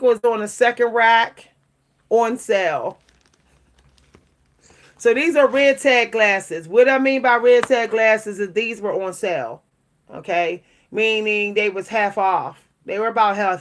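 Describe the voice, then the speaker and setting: An older woman with a voice pitched a little high talks straight to her viewers in loose, friendly chat. She laughs often and restarts her sentences as she goes. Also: fairly bright tone. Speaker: vlogger and writer. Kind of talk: casual chat to camera.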